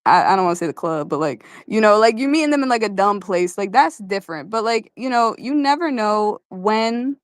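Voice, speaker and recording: A woman's voice: medium pitch, animated, fairly quick, few pauses, no echo. Rambling woman with a dry voice. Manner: rambling, many filler words. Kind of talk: casual chat.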